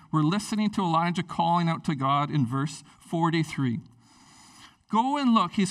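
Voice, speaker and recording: A man preaching a casual, excitable sermon, chatty and animated. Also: high-pitched, recorded from a distance. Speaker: pastor.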